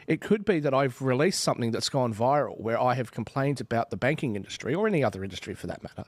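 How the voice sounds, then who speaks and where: A man's voice: medium pitch, expressive, fast talker, dry recording. A man in his forties from Western Australia with an Australian accent, talking animatedly as a podcast panelist and acting out little exchanges in other voices. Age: 40s. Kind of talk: casual panel discussion.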